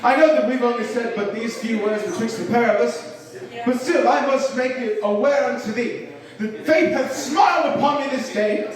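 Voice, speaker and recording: A man's voice: very high-pitched, normal speed, far from the mic. A man voicing a grand, old-fashioned suitor who talks in formal Shakespearean lines. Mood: pompous. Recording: echoey club, mic heard from afar.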